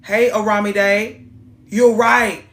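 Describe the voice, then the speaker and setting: A woman giving blunt, profane, animated relationship advice on a live stream. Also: medium pitch, slow, reverberant.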